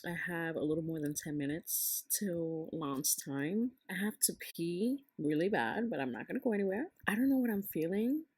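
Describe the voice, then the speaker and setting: A woman vlogging casually, chatty and excitable, talking straight to her viewers. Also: on the low side, normal speed, few pauses, breathy edge. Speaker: beauty and fitness vlogger. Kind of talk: casual vlog diary.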